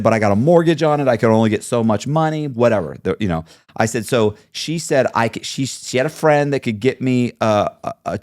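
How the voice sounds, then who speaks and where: A man's voice: fairly low pitch, no room sound, studio quality. A man guest in an interview, telling a long story and acting out the voices of others in it. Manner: animated storyteller, acts out quoted voices. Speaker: podcast guest.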